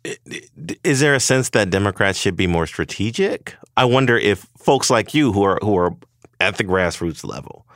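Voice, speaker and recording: A male podcast reporter asking questions in a thoughtful, measured way, with small hesitations. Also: fairly low pitch, animated, fairly bright tone, dry recording, clean studio sound. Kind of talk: interview questions.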